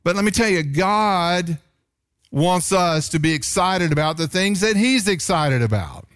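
Animated pastor preaching, man. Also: measured pace. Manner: animated preaching, pitch rising sharply on emphasis. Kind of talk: sermon.

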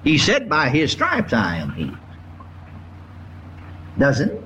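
Older male preacher, homespun storyteller, lively up-and-down delivery. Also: takes it slowly, slight background noise. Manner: folksy storytelling, lively pitch, acts out laughing. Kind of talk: sermon.

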